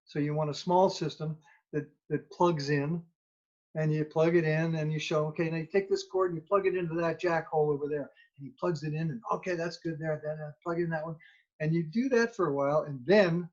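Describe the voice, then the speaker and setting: A man telling an animated anecdote as a children's musician, acting out the dialogue as he goes. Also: fairly high pitch. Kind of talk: storytelling anecdote. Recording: dull lo-fi recording.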